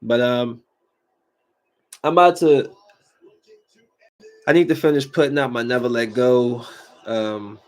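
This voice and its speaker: This podcast host, an adult man with kids, speaks slowly in a mid-range voice with long pauses during a solo casual rant. He stays animated, repeats himself often, and uses many fillers such as "like."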